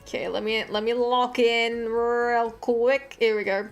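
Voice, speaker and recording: A young woman with an Australian accent and a slightly high voice chats on her live drawing stream. She swears often and mutters to herself as she works. Faint music plays in the background. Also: steady tone, measured pace. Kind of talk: casual live-stream chat while drawing.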